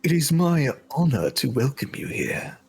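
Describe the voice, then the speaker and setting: A man's voice: medium pitch, sing-song, normal speed, faint music behind, pitched above the performer's own voice, full character voice. A man voicing a short, stout, flirtatious male satyr who leers as he talks. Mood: flirty. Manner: leering, smooth.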